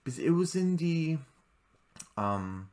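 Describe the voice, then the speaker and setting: Excitable rambling man recapping a cartoon. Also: slow pace. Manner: rambling, excitable, filler-heavy, many restarts; jumps into high voices when quoting characters. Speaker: show recap commentator. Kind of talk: casual episode recap.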